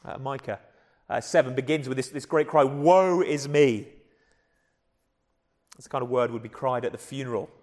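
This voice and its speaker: A hoarse man with an English accent, preaching a sermon in an earnest, conversational way with frequent repeated starts. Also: mid-range voice, fairly even intonation, fast talker, in a large hall. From England. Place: church.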